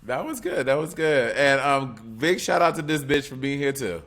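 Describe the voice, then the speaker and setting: A man co-hosting a loose chat show, with a bright, sharp voice that swoops up and down a lot. He tells stories in an expressive, profane way, often breaking into laughter. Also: mid-range voice, moderate pace. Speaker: podcast co-host. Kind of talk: casual chat.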